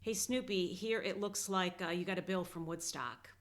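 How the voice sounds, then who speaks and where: A woman voicing an earnest, unsure cartoon boy who speaks hesitantly, with halting restarts. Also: lowish voice, lightly acted.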